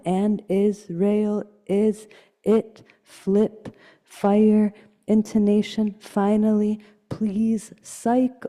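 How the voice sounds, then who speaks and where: A woman poet giving a live poetry reading at a gallery, slow and incantatory, repeating words like a chant. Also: mid-range voice, dark tone, big-room sound. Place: art gallery event space.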